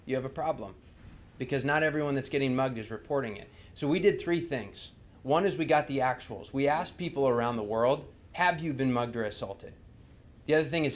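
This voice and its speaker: A man presenting a slide talk, speaking conversationally and asking the audience rhetorical questions. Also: mid-range voice.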